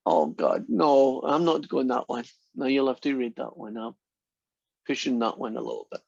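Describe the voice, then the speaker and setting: A man teaching an online math lecture, telling corny jokes to his students in a relaxed, playful manner. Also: medium pitch, moderate pace, gravelly, no echo, dull audio.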